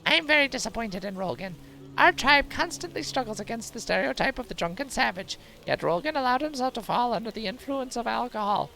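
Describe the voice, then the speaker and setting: A man voicing a stern old tribal wise woman in a video game, speaking slowly and formally in a raised voice. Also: extremely high pitch, animated, creaky, sharp tone, voice pushed up, heavily acted, rough recording. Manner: slow, formal, grave delivery.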